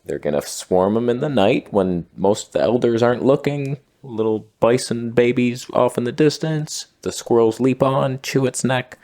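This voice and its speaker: A man delivering a deadpan satirical monologue in a mock-earnest, sarcastic tone. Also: mid-range voice, normal speed, hardly any pauses. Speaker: satirical commentator.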